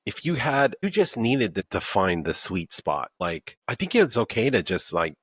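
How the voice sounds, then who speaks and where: A man's voice: fairly low pitch, very animated, normal speed, fairly bright tone, breathy edge, no room sound, studio quality. A man chatting casually on a podcast, encouraging and affirming his friend, often adding "you know".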